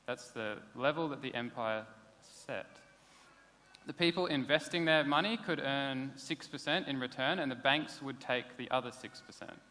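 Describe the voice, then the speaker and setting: A pastor, preaching a sermon in a casual, conversational way. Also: male voice, mid-range voice, moderate pace, sharp tone. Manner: conversational, plain-spoken preaching with casual asides. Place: church hall. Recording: long hall reverb.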